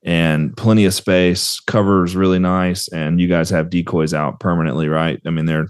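A man with a very deep voice hosts a laid-back interview chat. He leads the guest with relaxed, drawn-out prompts, and the recording is dry and close to the mic. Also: smooth, no room sound. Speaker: podcast host.

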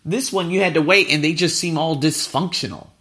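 A man's voice: on the high side, brisk, bright, forceful tone. A man hosting a podcast, telling a travel story in a casual, profane, ranting way. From United States. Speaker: podcast host.

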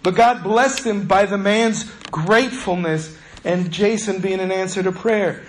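A man's voice: high voice, a little slow, a little hiss or hum. A male pastor preaching a sermon in a conversational, storytelling way.

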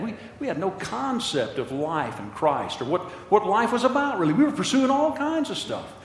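Older male preacher, impassioned sermon, lively rise and fall, big echoey hall with a long tail. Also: a little high, a little hiss or hum. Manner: impassioned, repeats phrases for emphasis.

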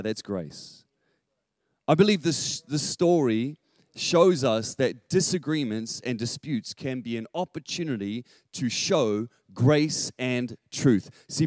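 A middle-aged man, preaching a sermon and telling a family story with lively acted-out quotes. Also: medium pitch, no room sound, studio quality. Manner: animated, acts out quotes with rising volume. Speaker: pastor.

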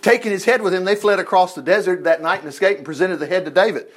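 A man's voice: sits high, fast. A man teaching a Bible lesson in a casual, folksy way, full of asides and rhetorical questions.

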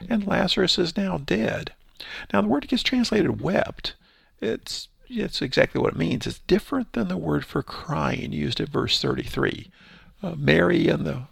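A man reading Bible verses aloud and explaining them in a relaxed, thinking-aloud teaching style. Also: fairly high pitch, creaky, breathy edge, no echo, clean studio sound. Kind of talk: Bible study commentary.

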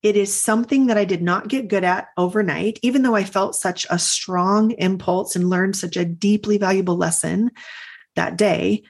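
A middle-aged woman hosts a podcast and speaks in a reflective, confessional tone, drawing out key words. Her voice is gravelly with a husky, breathy edge, sitting at an ordinary pitch for a woman. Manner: earnest, confessional, slows for emphasis. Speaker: podcast host and coach. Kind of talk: reflective personal talk.

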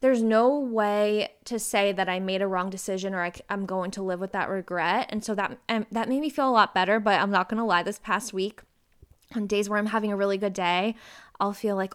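A woman in her twenties hosting a podcast, talking casually and openly with lively bursts of emphasis. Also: mid-range voice, fairly quick, smooth. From Ohio. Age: 20s. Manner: chatty, open and confessional, with lively bursts of emphasis. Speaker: podcast host. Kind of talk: casual personal chat.

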